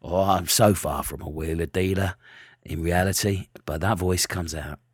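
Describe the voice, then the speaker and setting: A man's voice: sits low, steady tone, moderate pace, slightly rough, dry recording, clean studio sound. A man hosting a podcast in casual chat, rambling with frequent restarts. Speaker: podcast host.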